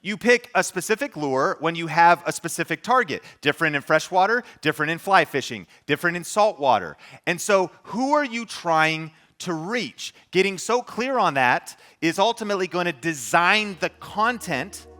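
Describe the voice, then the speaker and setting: Energetic emphatic man giving a talk. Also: a little high. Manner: energetic and emphatic, with quick asides to the audience. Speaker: podcast host giving a talk. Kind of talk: motivational stage talk. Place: room with a live audience.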